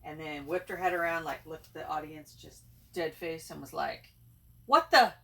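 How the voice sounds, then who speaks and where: Bright-voiced woman telling a story, mic far. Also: low-pitched, moderate pace, creaky. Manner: animated storyteller who laughs easily. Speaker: co-host. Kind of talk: casual storytelling. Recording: distant mic with faint noise.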